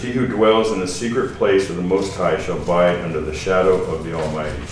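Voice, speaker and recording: Guest preacher, male, low voice, chatty halting sermon, heard off-mic in a roomy echoing hall with faint hiss. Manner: conversational, halting, with restarts and asides. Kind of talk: informal sermon. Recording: echoey hall from a distance with faint noise.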